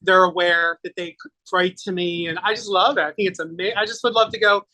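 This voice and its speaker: A middle-aged man, a guest on an interview show, chatting casually and telling animated stories, acting out what people said with laughs. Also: high voice, fairly quick, poor audio. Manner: animated storyteller, acts out quotes with laughs. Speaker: guest, makeover artist and singer.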